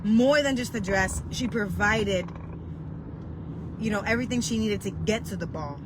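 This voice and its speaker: Impassioned woman preacher over steady background noise. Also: medium pitch, moderate pace. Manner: emotional, storytelling, builds to cries.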